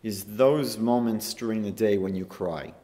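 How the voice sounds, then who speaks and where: A man's voice: on the low side, unhurried, mellow. A man, a rabbi, giving a storytelling lecture on a holy day that rises to emphatic peaks. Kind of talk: lecture sermon.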